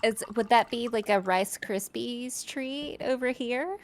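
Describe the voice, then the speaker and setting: Slow-talking playful woman. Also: a little high. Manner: playful, giggly, joking. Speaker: player. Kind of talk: casual chat.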